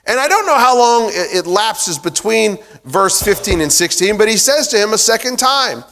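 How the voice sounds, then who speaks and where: A man's voice: sits high, lively intonation, normal speed, few pauses, fairly bright tone. A man preaching a sermon in a casual, conversational way, with many fillers and restarts. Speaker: pastor. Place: church sanctuary. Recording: long reverb of a church hall.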